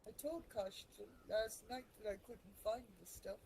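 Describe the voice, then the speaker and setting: A woman telling her character's story in character, emotional and halting, with restarts when feelings rise. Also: mid-range voice, creaky, darkish tone, slight background noise, poor audio. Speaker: roleplay player.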